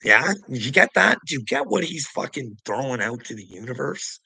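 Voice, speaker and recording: A man's voice: medium pitch, very animated, fairly quick, creaky, bright, forceful tone, breathy edge, dry recording, poor audio. A man from Canada, ranting profanely at his viewers about politics and laughing between points. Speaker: vlogger. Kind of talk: angry political rant to viewers.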